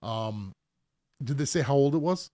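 A middle-aged man who pierces for a living, answering viewer questions on a live stream in a relaxed, explanatory way with plenty of fillers. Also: medium pitch, normal speed, no room sound. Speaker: professional piercer hosting a live Q&A. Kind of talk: casual live-stream chat.

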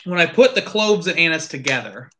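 A host casually chatting through a live whiskey tasting, animated, thinking aloud and swearing now and then. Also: mid-range voice, fairly quick, noisy background.

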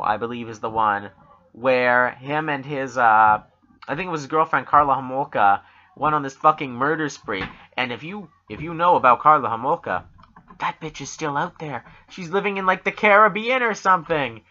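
A man's voice: fairly high pitch, lively intonation, fairly quick, bright, forceful tone, dull audio. A Canadian man co-hosting a podcast, rambling and swearing through jokey casual talk. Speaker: podcast co-host.

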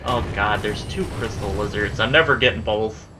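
A man's voice: fairly low pitch, moderate pace, noisy background. A man giving live gameplay commentary, exasperated and profane, talking back at enemies as he plays. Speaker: let's play gamer.

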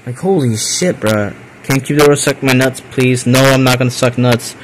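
A young man hosting a livestream, reading viewer confessions aloud and reacting with loud exasperated swearing. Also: mid-range voice, steady tone, moderate pace, background noise. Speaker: streamer host.

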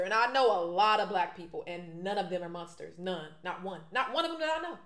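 A woman's voice: fairly low pitch, a little fast, few pauses. Indignant woman, echoey room. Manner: animated, indignant, talking straight to viewers. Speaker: vlogger. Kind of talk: casual mukbang commentary.

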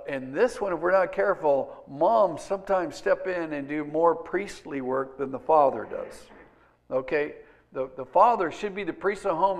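Older male pastor, gravelly, slightly high voice, earnest conversational sermon delivery. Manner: earnest, conversational preaching with acted-out quotes.

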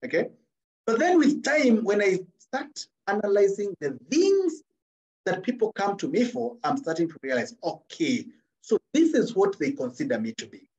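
Male seminar trainer, higher-pitched voice, lively conversational delivery with humorous examples. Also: highs cut off. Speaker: seminar trainer on personal branding.

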